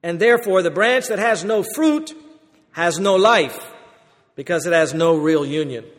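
A man voicing a stately old British male preacher in a put-on British accent, slow and declaiming. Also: high-pitched, animated, long reverb tail. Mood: solemn.

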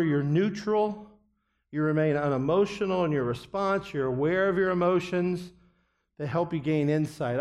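A middle-aged man teaching a biblical counseling class in an earnest, deliberate way, often letting his voice fall quiet at the ends of phrases. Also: on the high side. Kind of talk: classroom lecture.

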